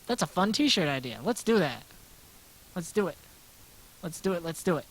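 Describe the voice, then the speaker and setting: An American man with a soft, smooth voice chats loosely with his livestream viewers while drawing. He rambles, repeats himself and pokes fun at himself as he answers their questions one after another. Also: sits high, big pitch swings, moderate pace, rough recording. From United States. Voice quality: gentle smooth voice. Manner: rambling, self-deprecating, answers chat aloud. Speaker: livestreaming artist.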